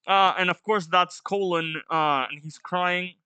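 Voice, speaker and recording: A man hosting a casual manga read-along, reading lines aloud and chatting through quick asides. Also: sits high, steady tone, sharp tone, clear, resonant tone, dry recording. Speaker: manga reaction host.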